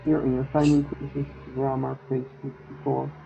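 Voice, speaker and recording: A man teaching an online English class, slowly checking in with his students. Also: medium pitch, completely flat delivery, creaky, a little hiss or hum. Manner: slow, repeats with "okay?" and "no?" checks. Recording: tinny phone-like line.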